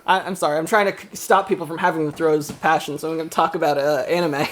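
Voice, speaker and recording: A man's voice: on the high side, steady tone, quick pace, fairly bright tone, a little hiss or hum. Teasing man co-hosting an improv podcast. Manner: playful, teasing, laughs often. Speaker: podcast co-host. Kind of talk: joking improv banter.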